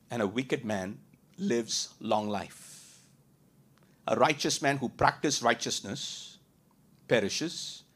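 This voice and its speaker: A pastor preaches a sermon in a medium-pitched voice with a breathy edge. He poses rhetorical questions, repeats his points, and swings between loud, emphatic lines and quiet ones.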